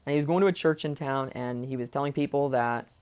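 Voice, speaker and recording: A man with a medium-pitched, smooth, darkish voice tells a family story fast as a vlogger, seated in a chair at home with headphones and a close mic. The storytelling is agitated and heatedly indignant, with rhetorical questions fired off, stumbling repeats and swearing.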